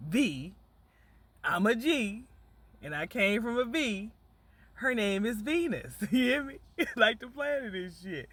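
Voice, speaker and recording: A man's voice: high voice, lively intonation, slow, fairly bright tone. A man from Michigan rambling and cracking puns in a casual monologue, often asking "you hear me?" and talking from a moving car. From Battle Creek, Michigan. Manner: punning, joking, keeps asking "you hear me?", bursts of laughter. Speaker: vlogger.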